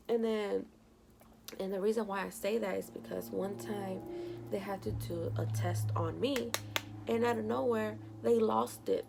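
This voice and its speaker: Chatty young woman with heavy vocal fry. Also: mid-range voice, normal speed, noisy background. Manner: chatty, lots of "like" and quoted dialogue. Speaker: beauty vlogger. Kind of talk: casual storytelling to camera.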